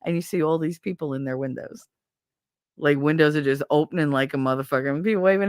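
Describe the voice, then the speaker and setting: A middle-aged woman with a New York accent telling animated, profane stories in a casual chat as a show host. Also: low voice, fast talker, dry recording, studio quality. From Brooklyn, New York. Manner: animated, profane, acts out neighborhood voices.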